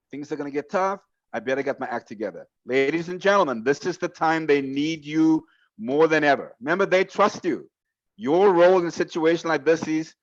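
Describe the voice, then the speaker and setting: Man coaching sales reps over a dull call line. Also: fairly high pitch. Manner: emphatic, numbered points, direct address. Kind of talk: motivational talk on a team call.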